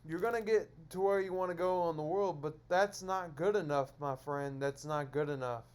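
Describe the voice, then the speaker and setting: A man's voice: a little high, moderate pace, smooth. A man lecturing his viewers in a solo stream monologue, scolding them over and over in repetitive phrases.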